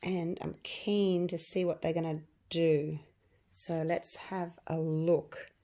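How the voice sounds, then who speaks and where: A woman with a croaky voice, chatting casually to her viewers and thinking aloud as she works on a resin craft project. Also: low voice, little pitch movement, takes it slowly, warm tone. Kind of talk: casual chat while crafting.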